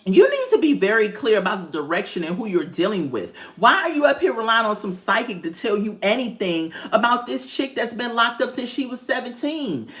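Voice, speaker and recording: A woman's voice: on the high side, sing-song, fairly quick, hardly any pauses, fairly bright tone. A woman giving a casual, sassy recap of a reality show, laughing often and talking to her viewers. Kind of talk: casual commentary.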